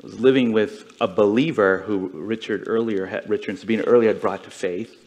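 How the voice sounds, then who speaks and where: A man's voice: on the low side, steady tone, brisk, a little mellow. A man giving a conversational sermon to a congregation, retelling a story earnestly and with feeling. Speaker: congregation speaker.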